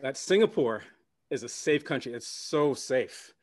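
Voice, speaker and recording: Lively Canadian man doing stand-up. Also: medium pitch, a little slow. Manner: animated, jumps into character voices. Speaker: stand-up comedian. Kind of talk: stand-up comedy set. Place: comedy club stage with audience.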